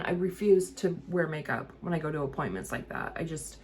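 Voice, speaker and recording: A woman's voice: deep voice, expressive, brisk, darkish tone, slight background noise. A woman vlogger chatting casually as she gets ready, rambling with lots of fillers and struggling a little to enunciate words. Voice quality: rambling, many fillers and restarts. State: having trouble enunciating. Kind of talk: casual chat while getting ready.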